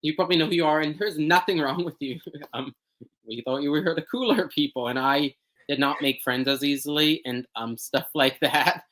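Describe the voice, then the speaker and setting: A young man speaking as a podcast guest, talking casually and hesitantly with many pauses and restarts as he searches for words. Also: on the high side, a bit bright, rough recording. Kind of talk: casual interview conversation.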